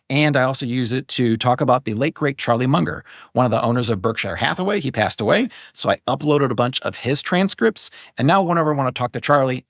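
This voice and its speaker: A man's voice: medium pitch, creaky, no room sound, clean studio sound. A man talking as a podcast guest about running an online business, chatty and prone to digressions and self-corrections. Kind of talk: casual interview chat.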